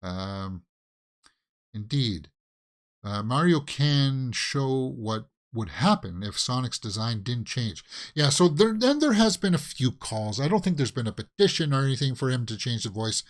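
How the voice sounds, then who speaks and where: A man's voice: mid-range voice, big pitch swings, unhurried. A man hosting a daily movie news show, giving casual, opinionated commentary with lots of fillers and restarts.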